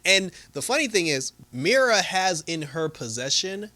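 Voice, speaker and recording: Man reviewer, casual and excitable, bright forceful voice, rambling retelling full of fillers. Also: sits high, a little slow. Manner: animated retelling with frequent laughter; loose, full of "you know" and "like". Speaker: movie reviewer. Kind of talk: casual spoiler review chat.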